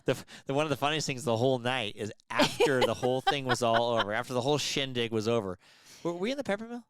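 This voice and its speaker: A man's voice: medium pitch, expressive, a bit bright, a little hiss or hum. A man co-hosting a podcast, telling joking stories in casual chat, possibly in his thirties. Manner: storytelling, joking, fast talker. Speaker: podcast co-host.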